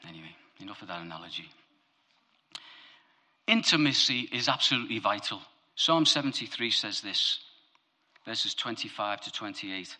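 A man preaching a lively, humorous sermon, his voice climbing to emphatic high peaks and dropping low for asides. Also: normal speed, long pauses.

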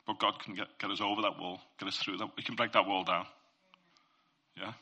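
A man's voice: low-pitched, fairly even intonation, a little fast, pushed and bright. A man giving an informal Christian faith talk. He speaks earnestly and conversationally, sharing testimony and addressing listeners directly.

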